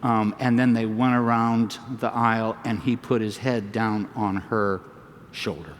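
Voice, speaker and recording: Gentle man telling a story in a hall. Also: on the low side, fairly even intonation, slight background noise. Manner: gentle, unhurried storyteller with pauses and "um"s. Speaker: panel speaker, psychologist. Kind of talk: storytelling talk. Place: large lecture hall. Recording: distant mic in a large reverberant hall.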